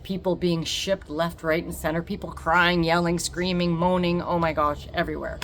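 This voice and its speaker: A woman telling a personal story to camera, animated and emphatic, acting out the dialogue and repeating words for effect. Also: lowish voice, normal speed, a little hiss or hum. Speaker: vlogger.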